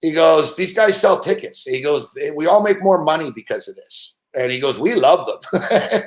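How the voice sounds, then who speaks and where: A man's voice: a little high, lively intonation, normal speed. A middle-aged man hosting a sports betting show, swearing constantly as he rants and tells stories, acting out the other people in them. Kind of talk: profane casual rant.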